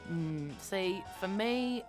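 A woman's voice: medium pitch, lively intonation, drawn-out words, music in the background. A young woman co-hosting a podcast in casual chat, fiery and swearing a lot as she gets worked up. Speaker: podcast co-host.

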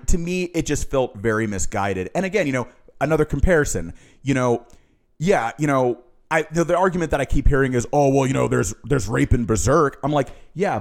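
A man co-hosting a podcast, talking casually but earnestly, weighing what works and what doesn't. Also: medium pitch. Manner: earnest, analytical, measured critique. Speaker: podcast co-host.

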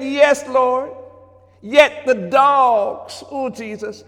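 A man preaching a sermon as pastor, moving from hushed passages to shouts and calling out to the congregation. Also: sits high, lively intonation, measured pace. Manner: preacherly, swings between hushed and shouted, talks back to congregation. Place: church sanctuary. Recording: long reverb of a church hall.

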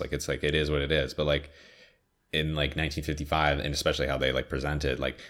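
A man's voice: extremely low pitch, a bit bright. A tired, sniffly man chatting casually about TV shows, rambling with lots of filler words and frequent swearing. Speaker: podcaster reviewing TV shows.

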